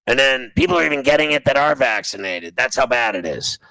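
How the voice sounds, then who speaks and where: Male talk host, blunt ranting monologue, crisp and resonant, dry close sound. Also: mid-range voice, lively intonation, brisk, hardly any pauses, bright, forceful tone, no room sound, poor audio. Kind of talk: opinionated sports talk monologue.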